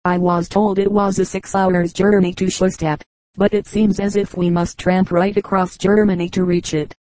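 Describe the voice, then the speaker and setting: A woman reading the part of a brisk, commanding army colonel in a storybook. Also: mid-range voice, little pitch movement, warm tone, no echo, natural voice, low-quality recording.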